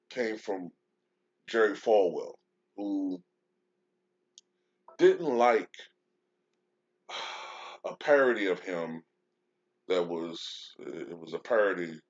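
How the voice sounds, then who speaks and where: A man with a very low voice talks casually on his show, pausing often with fillers and restarting his sentences. At times he reads an article aloud. The recording is dull and lo-fi. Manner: hesitant, many fillers and restarts. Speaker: show host. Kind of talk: casual commentary, reading a news article aloud. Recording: dull lo-fi sound.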